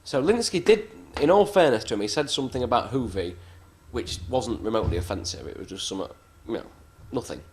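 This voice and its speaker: A man's voice: mid-range voice, animated, fast, few pauses, a little hiss or hum. A man, a wrestler being interviewed, telling backstage stories in a blunt, swearing, self-mocking way. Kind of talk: casual anecdotal storytelling.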